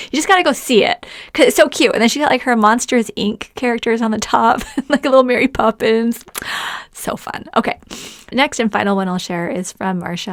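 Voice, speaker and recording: A woman's voice: medium pitch, no echo. Female podcast host, cheerful and chatty, laughs easily, dry close mic. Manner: enthusiastic, laughs often, reads listener testimonials aloud. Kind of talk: casual solo podcast talk.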